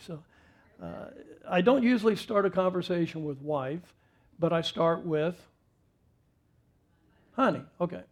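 A man's voice: high-pitched, darkish tone, highs cut off. A middle-aged man preaching a sermon and telling a folksy, self-deprecating story about his home life before turning to the text. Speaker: pastor.

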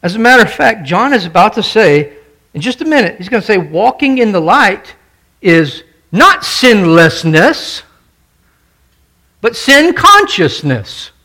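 A man's voice: high voice, very animated, moderate pace, sharp tone. A male pastor preaching a sermon, stressing and repeating his key points and putting questions to the congregation.

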